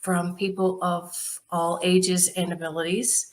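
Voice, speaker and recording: A woman's voice: on the low side, unhurried. A middle-aged woman, a charity founder, telling stories in a casual interview, laughing often and acting out the people she quotes. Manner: lively anecdotal, laughs often, acts out quoted dialogue.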